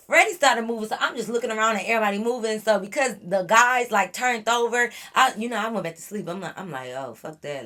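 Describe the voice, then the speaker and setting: A young woman vlogger telling a wild storytime to her viewers in an animated, slangy way. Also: medium pitch. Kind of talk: storytime chat to camera.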